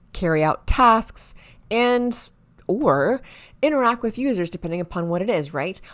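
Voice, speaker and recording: A woman hosting a marketing explainer video, talking excitedly and sometimes stumbling over her words, with quiet asides. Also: medium pitch. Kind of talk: enthusiastic to-camera explainer.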